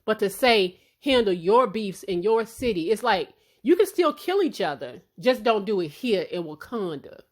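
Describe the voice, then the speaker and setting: A woman hosting celebrity gossip commentary in a blunt, animated way, swearing freely. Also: mid-range voice, moderate pace, few pauses. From Chicago.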